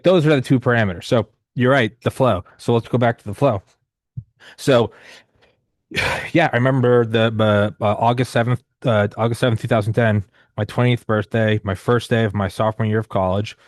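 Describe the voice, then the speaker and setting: Low-voiced man in his thirties, rambling. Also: fairly even intonation, fairly quick, no echo, studio quality. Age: 30s. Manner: rambling, profane, frequent restarts and fillers. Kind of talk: casual storytelling conversation.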